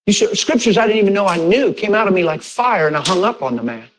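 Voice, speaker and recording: Animated storytelling male pastor. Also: quick pace, a little hiss or hum, poor audio. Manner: animated, re-enacts conversations with rising pitch and bursts of laughter; conversational, direct address to congregation. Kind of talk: sermon storytelling.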